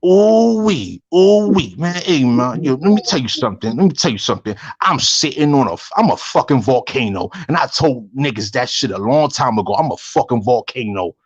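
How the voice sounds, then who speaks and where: A man's voice: mid-range voice, expressive, brisk, hardly any pauses, breathy edge, dry recording, muffled recording. A man on a heated live-stream call, ranting, repeating himself and swearing constantly. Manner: profane, heated, repetitive ranting. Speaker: guest on a live online panel.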